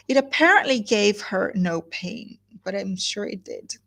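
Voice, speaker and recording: A woman teaching literature, reading a novel aloud and stopping to comment, slowing down on words she wants to stress. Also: mid-range voice, expressive, creaky, a bit bright.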